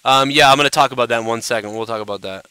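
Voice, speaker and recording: A man hosts a live stream, rambling and cursing freely with constant fillers. His voice is bright and forceful, smooth and clear. The sound is dry and close to the mic. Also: mid-range voice, rapid-fire, no echo. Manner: profane, rambling, lots of "you know". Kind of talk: casual live-stream rant.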